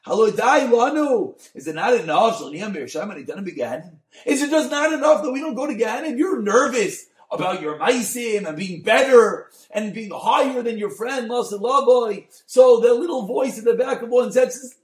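A man, a rabbi, giving a Torah class on a Mussar text, mixing Hebrew terms into English and swinging from soft to loud. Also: sits high, moderate pace, roomy sound. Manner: expressive, dynamic delivery, swings from soft to loud.

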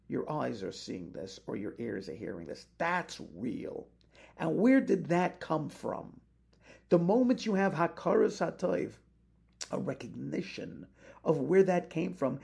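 A man's voice: on the high side, big pitch swings, unhurried, creaky, darkish tone. A man, a rabbi, teaching a Torah lesson with passion, weaving Hebrew phrases into his English and building to emphatic peaks.

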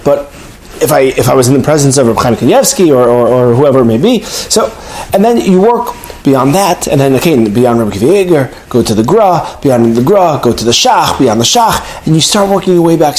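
A man's voice: mid-range voice, a little mellow, poor audio. A man giving a Torah class as a rabbi, earnest, often restarting his words. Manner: earnest, with frequent stammered restarts.

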